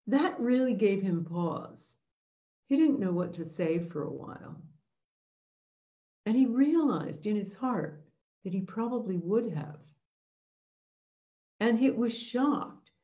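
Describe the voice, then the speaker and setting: Slow, earnest woman with a mellow voice. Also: medium pitch, lively intonation, dull audio. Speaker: host leading an intention webinar. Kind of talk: reflective storytelling talk.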